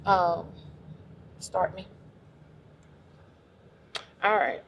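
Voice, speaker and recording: A woman's voice: on the low side, very slow, gravelly, slight background noise. Chatty woman vlogging from her car. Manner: chatty, self-talking, laughs easily. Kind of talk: casual vlog chat. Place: in a car, driving.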